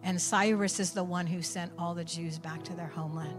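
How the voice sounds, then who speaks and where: A woman preaching a sermon, telling a story with animated swings from quiet asides to near shouts. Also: on the low side, brisk, music in the background.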